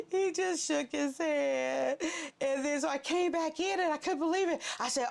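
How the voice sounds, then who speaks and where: A woman's voice: extremely high pitch, moderate pace, gravelly. A middle-aged woman hosting a vlog and telling a story casually, acting out her own prayers and laughing as she goes. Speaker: vlog host.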